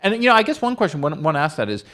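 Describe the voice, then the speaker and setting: A man's voice: on the high side, sing-song, rapid-fire, bright, forceful tone. Guy hosting a q and a, bouncy voice all over the place, teasing his guest. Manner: playful, teasing, reads audience questions. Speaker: interviewer. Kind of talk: casual interview chat.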